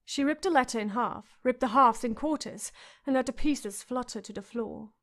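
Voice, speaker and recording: A woman's voice: a little high, moderate pace. A woman reading a fantasy audiobook with dramatic narration.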